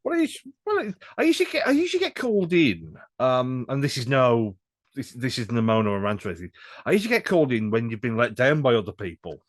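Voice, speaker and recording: A man chatting casually about voice acting, jokey and animated. His pitch leaps around freely as he talks. The sound is dry and close, with no room echo. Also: fast talker. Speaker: voice actor guest. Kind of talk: casual chat.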